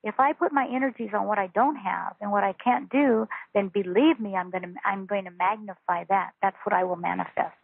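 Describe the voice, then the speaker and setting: A woman, a spiritual teacher, talking calmly and earnestly as a guest on a phone interview. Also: mid-range voice, brisk, gravelly, few pauses, husky, dry recording. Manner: calm, earnest, instructive. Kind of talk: interview over a phone call. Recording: tinny phone line.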